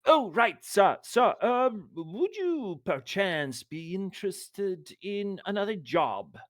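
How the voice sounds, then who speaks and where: A man's voice: sits high, very animated, takes it slowly, no room sound, studio quality, pitched above the performer's own voice, exaggerated voice. A man voicing a fussy male adventurer who speaks with overly formal, fawning politeness. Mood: polite.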